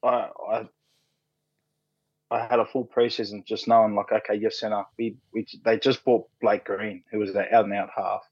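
An Australian rugby league player in his thirties guests on a podcast, telling stories in a laid-back chat full of fillers and free swearing. His fairly low voice is husky and flat at a moderate pace, and the recording sounds dull and dry.

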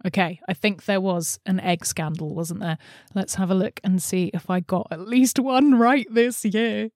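Woman chatting to camera at home, lowish voice, lots of giggles, dry close sound. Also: normal speed, gravelly, a little mellow, no room sound. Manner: chatty, giggly, self-deprecating. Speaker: channel host. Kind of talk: casual chat to camera. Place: messy bedroom office. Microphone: laptop setup with headphones.

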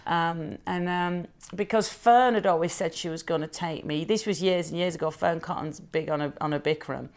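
A woman's voice: fairly low pitch, moderate pace, few pauses. A woman in her forties with a northern English accent, chatting and telling stories with frequent laughs. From Bolton, England. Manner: chatty storyteller, laughs often. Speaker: radio presenter and podcast co-host. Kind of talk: casual chat.

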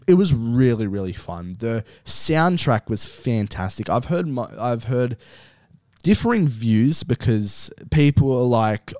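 A young man co-hosting a podcast in casual chat, relaxed and swearing freely. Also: mid-range voice, dry recording, studio quality. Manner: relaxed, swears often, drawn-out phrasing. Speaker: podcast co-host.

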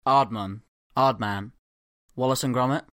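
A man's voice: medium pitch, a little slow, fairly bright tone, no room sound, studio quality. A man in his thirties chatting casually on a podcast, rambling through stories with plenty of swearing. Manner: rambling, laughing, swearing storyteller. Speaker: podcast co-host. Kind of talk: casual chat.

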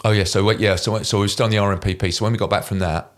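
Deep-voiced guy rattling off army stories quick, middle-aged, acts out the voices. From Kent, England. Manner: animated anecdote teller, mimics voices in quoted lines. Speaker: guest, former Royal Marine. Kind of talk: casual storytelling interview.

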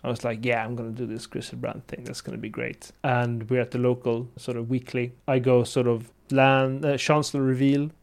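A man hosting a casual podcast chat, telling stories in an animated way and laughing often. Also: mid-range voice, brisk, creaky, hardly any pauses. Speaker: podcast host.

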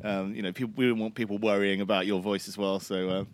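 A man's voice: fairly low pitch, fairly even intonation, fast talker, a little hiss or hum. A man co-hosting a casual cricket podcast outdoors, easygoing and jokey, hedging with many fillers. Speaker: podcast co-host. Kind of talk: casual chat. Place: outdoors, sunny and breezy.

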